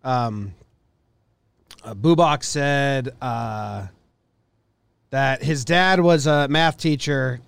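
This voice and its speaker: A man co-hosting a casual podcast, telling stories in a relaxed, rambling way. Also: fairly high pitch, clear, resonant tone, no room sound. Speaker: podcast co-host. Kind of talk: casual chat.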